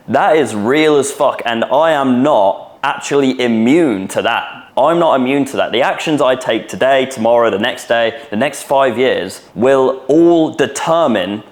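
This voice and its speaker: A man in his twenties giving a blunt, profane motivational talk to camera in his apartment as a self-improvement vlogger. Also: medium pitch. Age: 20s. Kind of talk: direct-to-camera motivational monologue.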